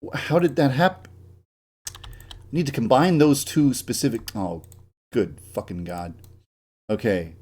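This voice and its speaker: Streaming his game dev work live, a man with a mid-range, slightly mellow voice talks at a measured pace with long pauses. He rants, grumbles and swears often, mocking himself and laughing at his own jokes.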